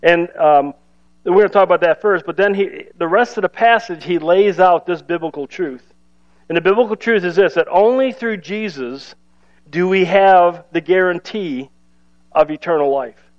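A man's voice: high voice, normal speed, dull audio. A man pastor giving a sermon in a conversational, self-deprecating way, with playful asides. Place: church service.

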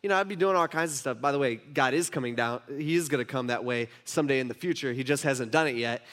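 A man in his thirties preaching a sermon, telling a family story with lively swings between hushed asides and emphatic outbursts. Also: medium pitch, quick pace. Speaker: pastor.

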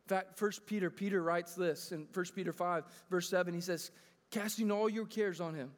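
A man in his thirties with a high voice delivers a sermon to his congregation. He talks earnestly and conversationally and often restarts his phrases. His voice rings with the long reverb of a large church hall. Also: steady tone, moderate pace. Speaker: pastor. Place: church sanctuary.

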